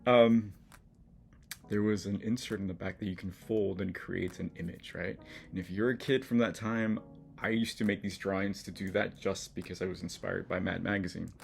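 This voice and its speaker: A man's voice: low-pitched, fairly even intonation, moderate pace, vocal fry, faint music behind. A middle-aged man hosting a casual art vlog, chatty and encouraging, easily moved as he talks through his work. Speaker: collage artist and channel host. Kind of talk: casual studio vlog to camera.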